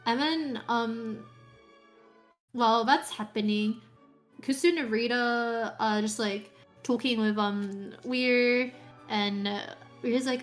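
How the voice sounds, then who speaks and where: A woman's voice: a little high, steady tone, measured pace, fairly bright tone, faint music behind. A young woman casually recapping a tabletop game session, chatty and full of fillers. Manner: chatty, with many fillers and restarts.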